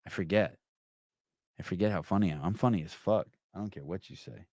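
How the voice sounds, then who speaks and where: A podcast host with a deep, darkish voice and vocal fry talks fast during a casual live-stream, reading viewer comments aloud. He's profane, rambling and self-mocking, stammering through many restarts. The studio-quality recording has no echo.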